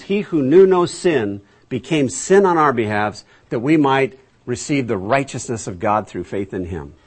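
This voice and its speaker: Husky man teaching a Bible class. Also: medium pitch. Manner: asks the class rhetorical questions, repeats words as he restarts. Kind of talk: conversational Bible lesson.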